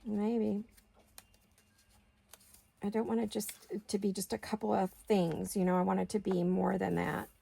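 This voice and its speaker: Gravelly chatty woman crafting. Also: medium pitch, little pitch movement, unhurried, pauses often, dark tone. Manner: chatty, talks to herself while working. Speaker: craft video host. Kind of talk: casual crafting chat.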